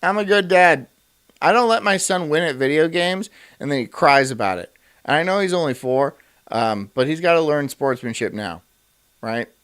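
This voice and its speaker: A brash male streamer rants in a casual, profane way, laughing between jabs. His pitch sits a bit high and swings widely as he gets worked up. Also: animated, normal speed, fairly bright tone, clear, resonant tone. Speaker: streamer reacting to clips. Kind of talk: casual livestream rant.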